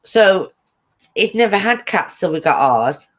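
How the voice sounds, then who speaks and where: A woman's voice: medium pitch, big pitch swings, measured pace. A woman hosting a casual live-stream chat, giggling often and greeting viewers as she reads their comments.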